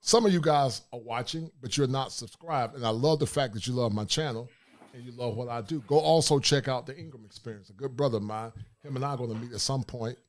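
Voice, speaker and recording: A man's voice: mid-range voice, fast talker. A man hosting a casual livestream, talking bluntly in a preachy, streetwise way. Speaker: livestream host.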